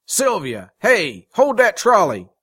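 A hot-headed young tough who shouts and threatens, as a male reader acts him out, his voice pushed loud and high. The recording is dry and close, with no room around it. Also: huge pitch swings, takes it slowly, husky, dry recording, heavily acted. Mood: furious. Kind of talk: audiobook reading.

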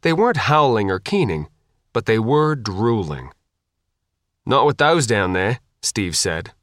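A man narrating an audiobook, with an expressive, varied reading. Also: mid-range voice, dry recording, clean studio sound.

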